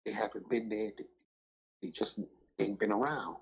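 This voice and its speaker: Husky middle-aged man, emphatic and slangy storyteller, muffled lo-fi sound. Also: fairly low pitch, normal speed, a bit bright. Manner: emphatic, street slang, keeps asking "you know what I'm saying". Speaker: dog breeder on a podcast talk show. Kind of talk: casual storytelling chat. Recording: muffled lo-fi audio.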